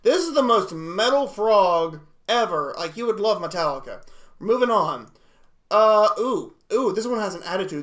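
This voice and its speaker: An excitable young man hosts a casual livestream, reading and reacting out loud. His voice sits high and sounds bright and forward. He laughs often and bursts into exclamations. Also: moderate pace. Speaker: livestream host.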